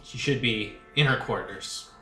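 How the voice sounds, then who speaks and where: A man running a tabletop game as game master, narrating in a relaxed way with fillers. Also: medium pitch, unhurried, reverberant, over music.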